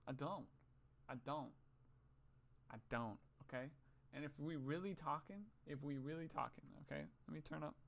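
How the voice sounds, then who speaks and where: A man's voice: on the high side, creaky, a bit bright. A young man vlogging in a casual, rambling, profane monologue, often muttering to himself.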